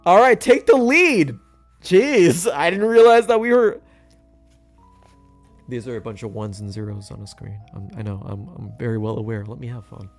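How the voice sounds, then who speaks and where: Animated young man joking over a game. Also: moderate pace, faint music behind. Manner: animated, jokey, talks to his game characters, big pitch jumps. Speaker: gaming YouTuber. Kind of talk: playthrough commentary.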